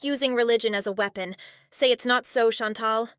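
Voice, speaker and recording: A woman's voice: on the high side, steady tone, a little fast, slight background noise. A woman co-hosting a reaction show, sarcastic and biting with mock-dramatic delivery. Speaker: commentary co-host. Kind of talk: casual reaction commentary.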